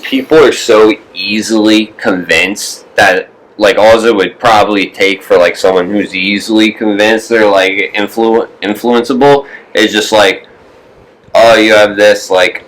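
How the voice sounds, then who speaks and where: A man's voice: fairly low pitch, steady tone, unhurried, slight background noise, rough recording. A young man co-hosting a podcast in casual, rambling chat, swearing often and mimicking others in a raised voice. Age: young adult. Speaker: podcast co-host.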